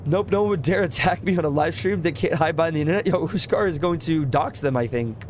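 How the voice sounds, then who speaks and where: A man's voice: fairly high pitch, fast, a little hiss or hum. A young man chatting casually with viewers while streaming a game. He rambles in slang, swears often and laughs a lot.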